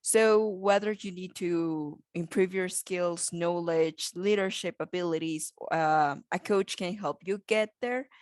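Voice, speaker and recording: A woman's voice: fairly low pitch, steady tone, unhurried, hardly any pauses, darkish tone, dry recording, clean studio sound. A woman co-hosting a business podcast in a casual, hesitant way, often trailing into fillers. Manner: hesitant, many fillers and restarts. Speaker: podcast co-host.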